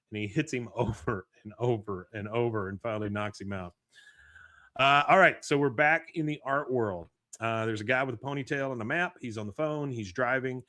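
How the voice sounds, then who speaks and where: A man's voice: medium pitch, moderate pace, dry recording. Guy retelling a cartoon episode, doing the lines, dry close sound. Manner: animated retelling, voicing characters' lines. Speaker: podcast host. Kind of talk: casual episode recap.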